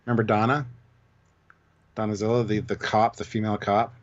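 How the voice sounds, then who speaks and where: A man's voice: lowish voice, flat delivery, fairly quick, highs cut off. A man co-hosting a live stream, joking and reading out viewer comments. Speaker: show co-host. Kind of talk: casual livestream chat.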